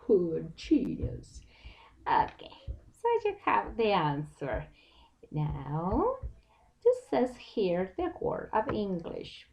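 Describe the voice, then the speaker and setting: A woman's voice: mid-range voice, huge pitch swings, slow pace, vocal fry, a little mellow. A woman teaching an online English class from home, explaining a textbook and switching into Spanish now and then. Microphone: home computer mic.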